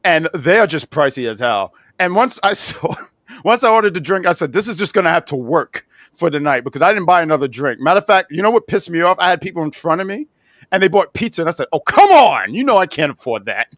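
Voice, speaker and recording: A podcast co-host in his thirties tells rambling, animated stories with laughs on a casual wrestling review show. His voice is on the high side and quick-paced. The sound is clean studio audio with no echo.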